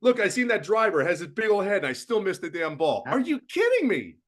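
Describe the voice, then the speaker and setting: A man's voice: sits high, expressive, fast talker, a bit bright. A middle-aged man giving a blunt, preachy motivational mentoring talk as guest host, with emphatic bursts.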